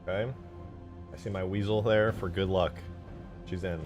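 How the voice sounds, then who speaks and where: A man's voice: low-pitched, normal speed, over music. A man giving casual, rambling commentary on his own gameplay, talking to himself as he goes. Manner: rambling, excitable self-talk. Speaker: game modder and streamer.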